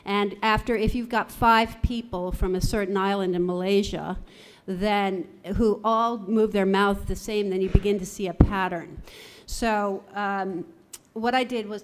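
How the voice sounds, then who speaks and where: A middle-aged woman speaks at a university conference as a theatre voice coach. Her delivery is measured and articulate, often working through lists. Her pitch sits in an ordinary middle range. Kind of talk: conference talk.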